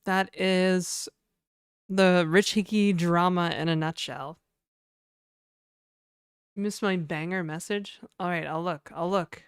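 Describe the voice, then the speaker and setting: A woman streamer talking casually to her chat, full of "like" and "you know". Her voice is low-set and smooth, recorded close and dry with no room sound. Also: fairly even intonation, slow, long pauses, no room sound. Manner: chatty, reads chat aloud, frequent fillers.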